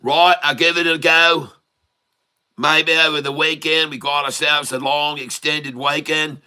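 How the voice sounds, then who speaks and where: A man's voice: on the high side, level tone, measured pace, sharp tone, clean tone. A man hosting a casual day-trading livestream, talking in a folksy, joking, rambling way.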